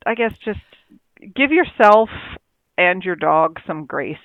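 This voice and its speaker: A woman's voice: on the low side, lively intonation, slow pace, no echo, phone-quality sound. A woman co-hosting a casual chat about dog training, rambling and acting out her dogs' thoughts in little quoted voices.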